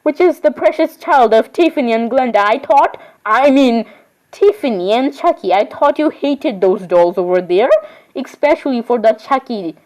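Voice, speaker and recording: High-voiced woman voicing a doll role-play. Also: expressive, moderate pace, darkish tone, rough recording. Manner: rambling, chatty, with sudden squeals of surprise. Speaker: voicing all the dolls in a homemade role-play.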